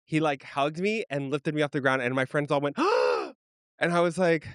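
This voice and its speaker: A man hosting a podcast in casual chat, playful and quick to laugh. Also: on the high side, a bit bright, smooth, no echo, clean studio sound. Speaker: podcast host.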